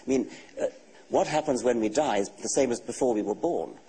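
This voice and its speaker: A man in his sixties with an English accent, a guest author answering questions in a TV studio interview in a measured, dry, matter-of-fact way. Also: mid-range voice, dark tone, slight background noise, poor audio. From England. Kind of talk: TV talk show interview.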